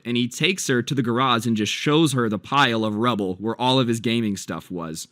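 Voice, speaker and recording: A man's voice: medium pitch, normal speed, fairly bright tone, dry recording, clean studio sound. A man casually narrating a story as a channel host, chatty and loose with lots of fillers.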